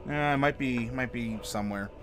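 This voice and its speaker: A man's voice: medium pitch, moderate pace, music in the background. A man hosting a live stream from his home desk, chatting casually with viewers and answering the chat aloud in a rambling way. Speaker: streamer host.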